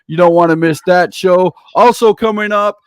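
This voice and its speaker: A man's voice: high-pitched, moderate pace, smooth, no echo. A man hosting a casual interview, reeling off upcoming events with enthusiastic, catchphrase-heavy promo patter. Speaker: interview show host.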